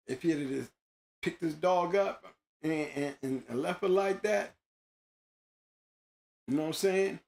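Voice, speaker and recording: Gravelly, fairly high-voiced man talking. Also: a little mellow. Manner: emphatic, slangy, repeats himself. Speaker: host. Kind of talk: casual monologue.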